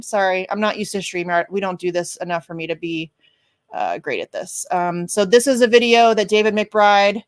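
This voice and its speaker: A woman's voice: medium pitch, dry recording. A woman hosting a casual livestream show, chatty and self-deprecating, a bit congested. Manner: chatty, self-deprecating, frequent fillers and laughs. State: congested from sneezing.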